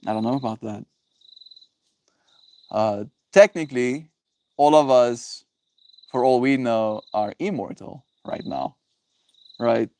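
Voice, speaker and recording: A man's voice: medium pitch, slow pace, long pauses, dark tone. A man chatting casually with his live-stream viewers, playful and rambling, often checking in with "right?". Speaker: livestreamer reading chat.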